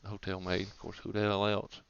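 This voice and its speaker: A man's voice: on the low side, monotone, fairly quick, vocal fry, clean tone, lo-fi sound. A man with a Southern American accent co-hosting a casual comedy podcast, rambling through stories and acting out the people in them. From Southern United States. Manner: rambling storyteller, acts out characters with big voices. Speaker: podcast co-host.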